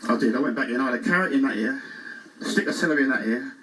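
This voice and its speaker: Racing through bumbling one-liners and self-mocking asides, an English man impersonates a classic comic on a cruise ship stage. His medium-pitched voice is bright and forceful, close to how he normally talks. A distant mic with faint noise captures him and the laughing audience in the show lounge.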